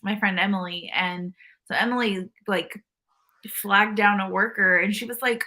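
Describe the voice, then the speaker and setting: Bright-voiced woman telling a rambling story. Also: mid-range voice, steady tone, moderate pace. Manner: rambling storyteller, many fillers and restarts. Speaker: podcast guest. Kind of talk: casual chat.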